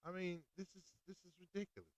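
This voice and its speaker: A man hosting a podcast, ranting in an animated, exasperated way while recording outdoors. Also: sits high, fast talker, dry recording. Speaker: podcast host. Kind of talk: casual ranting monologue.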